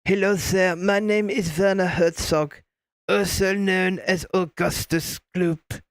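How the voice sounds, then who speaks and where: A man putting on a German accent to play a formal, courteous gentleman who speaks slowly and politely. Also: high voice, fairly even intonation, dry recording. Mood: stately. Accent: German, put on. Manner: slow, stately, over-polite.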